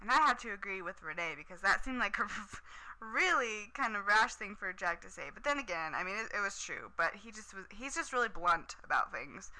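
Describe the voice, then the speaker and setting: A woman's voice: mid-range voice, big pitch swings, brisk, pushed and bright, rough recording. A woman casually recapping a TV episode, chatty and enthusiastic, with lots of "um" and "like".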